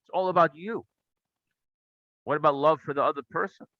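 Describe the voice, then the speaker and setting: A man's voice: fairly high pitch, a little fast, no echo, dull audio. A man teaching a Torah class, telling stories and asking rhetorical questions. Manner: animated storytelling, asks rhetorical questions.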